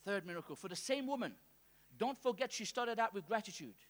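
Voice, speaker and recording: A male pastor preaching a call-and-response sermon to a church congregation, swinging between soft asides and shouting. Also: high voice, animated, fairly quick.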